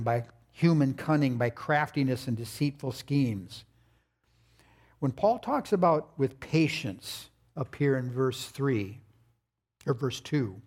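A man's voice: mid-range voice, a little mellow. An older man preaching a sermon, telling folksy family stories with playful asides. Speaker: pastor.

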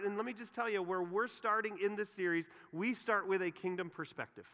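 Pastor preaching in a reverberant hall. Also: male voice, sits high, steady tone, a little fast, hardly any pauses. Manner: storytelling, swings from loud to quiet and intimate. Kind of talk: sermon. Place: church auditorium. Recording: long reverb of a church hall.

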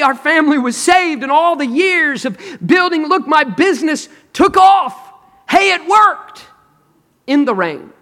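A male pastor preaching a sermon in a large auditorium. He speaks emphatically and swings between loud, dramatic lines and hushed ones, and calls on the congregation to respond. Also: very high voice. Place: large auditorium with long reverb. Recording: long hall reverb.

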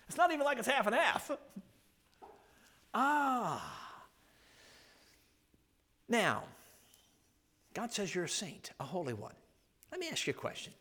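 A man's voice: high-pitched, a little slow, pauses often. A man preaching a sermon, telling stories with chuckles and asking the listeners questions. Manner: animated, storytelling with frequent chuckles and rhetorical questions.

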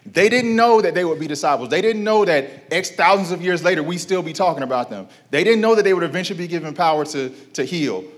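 A man's voice: fairly high pitch, animated, fast, hardly any pauses. Man preaching in conversational call-and-response. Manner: conversational preaching with rhetorical questions and repetition. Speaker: pastor. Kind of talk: sermon.

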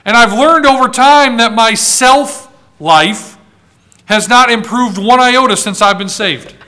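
High, bright-voiced preaching man. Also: lively intonation. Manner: emphatic preaching with repeated words and long pauses; reads scripture aloud in old-fashioned wording. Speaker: pastor. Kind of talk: sermon.

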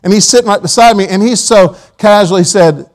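Male preacher, high voice, folksy anecdotes, church sermon. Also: fairly quick, poor audio. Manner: folksy storytelling with quoted asides. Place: church auditorium.

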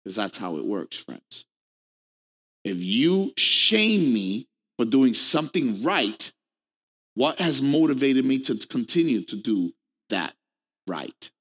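Middle-aged guy preaching, lively and playful, mid-pitched voice, big hall echo. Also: takes it slowly. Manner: animated, playful, acts out quoted people in higher voices. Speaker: pastor. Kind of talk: sermon. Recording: long hall reverb.

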